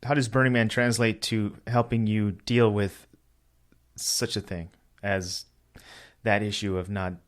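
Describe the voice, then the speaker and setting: A man's voice: on the low side, steady tone, measured pace. Curious, playful male podcast host. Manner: curious, playful probing questions. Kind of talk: casual podcast interview.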